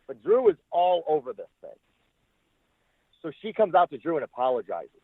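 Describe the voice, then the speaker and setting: A former talent manager tells rambling stories in a casual interview, swearing freely and acting out what other people said. His voice is a little high and sing-song at normal speed, and the recording is dry with a tinny phone-line sound.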